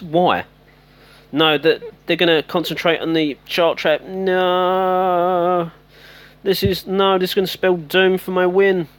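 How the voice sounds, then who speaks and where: A man talks through his game at a desk mic, chatty and rambling. He loses his train of thought and grows exasperated as things go wrong. His voice sits at a middling pitch for a man. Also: fairly bright tone. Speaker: gameplay commentator. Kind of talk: casual game commentary.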